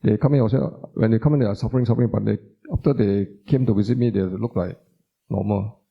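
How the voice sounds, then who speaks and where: Guy teaching a buddhist class, gravelly husky voice, asks the crowd questions, muffled lo-fi sound. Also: lowish voice, steady tone, fast talker. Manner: repeats words for emphasis, asks the audience questions. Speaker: doctor giving a Buddhist talk. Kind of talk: informal teaching talk with audience questions. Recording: dull lo-fi sound.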